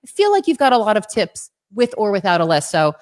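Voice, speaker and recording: A woman's voice: mid-range voice, sing-song, a little fast. Enthusiastic woman hosting a webinar. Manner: enthusiastic, storytelling. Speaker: webinar host.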